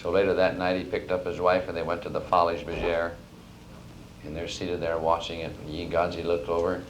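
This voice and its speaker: A man's voice: sits low, little pitch movement, a little fast, slight background noise, low-quality recording. A man telling jokes as a stand-up comedian and host, a breezy storyteller who laughs at his own punchlines.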